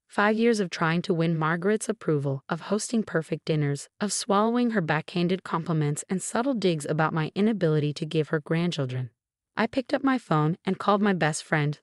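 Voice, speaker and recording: Calm, low-voiced woman narrating a story. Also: dry recording, studio quality. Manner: calm, intense.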